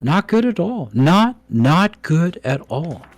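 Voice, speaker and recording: A man's voice: a little high, big pitch swings, takes it slowly, pitched above the performer's own voice, full character voice. A man voicing a nervous female dwarf commoner who stammers and hesitates in a tabletop game. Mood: nervous, stammering.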